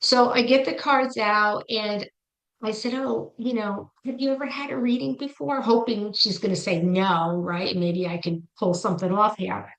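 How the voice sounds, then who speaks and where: A middle-aged woman recounts a personal story as an interview guest. She talks in a chatty, animated way and acts out her own past reactions as she goes. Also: medium pitch, moderate pace, poor audio. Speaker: psychic medium guest.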